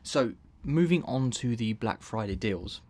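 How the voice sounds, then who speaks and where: A man's voice: medium pitch, lively intonation, measured pace, darkish tone. A man hosting a casual live stream, rambling and breaking off mid-sentence with frequent laughs. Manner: rambling, self-interrupting, laughs often.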